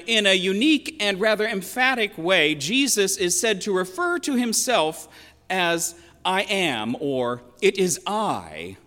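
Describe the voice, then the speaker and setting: A man's voice: sits high, bright, forceful tone. Reflective older male preacher in a hall. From western Pennsylvania. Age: 60s. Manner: reflective, measured storytelling with emphatic quotations. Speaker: pastor. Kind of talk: sermon. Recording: long reverb of a large hall.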